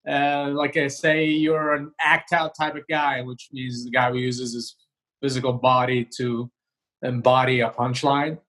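A male comedian talking casually in an interview over a video call, relaxed and rambling with many fillers and restarts. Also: mid-range voice, a little slow, rough recording. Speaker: comedian guest. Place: home, remote video call.

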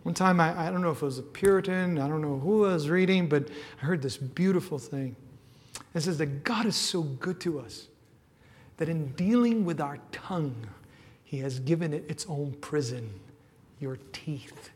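A man's voice: on the high side, normal speed. Impassioned preacher man in a reverberant hall. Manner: impassioned, swings from shouting to hushed. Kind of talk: sermon.

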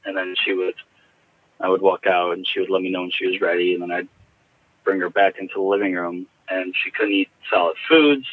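A man recounting a personal story in a halting, reflective way, heard over a tinny phone line. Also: low voice, steady tone, no room sound. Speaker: guest.

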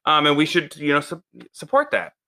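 A man co-hosting a podcast in casual chat, an animated storyteller who swings his voice up when quoting people. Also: fairly high pitch, brisk, vocal fry. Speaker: podcast co-host.

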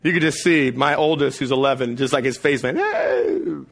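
A man in his thirties preaching a sermon, telling family stories with animated delivery and acted-out voices. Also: mid-range voice, fairly quick, vocal fry. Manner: animated storytelling, acts out voices. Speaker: pastor.

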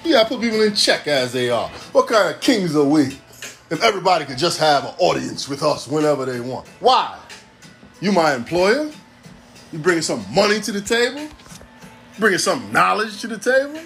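Animated man riffing in a monologue. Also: fairly high pitch, normal speed, creaky, faint music behind. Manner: animated, repetitive, preachy riffing. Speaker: podcast host. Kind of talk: comedic monologue.

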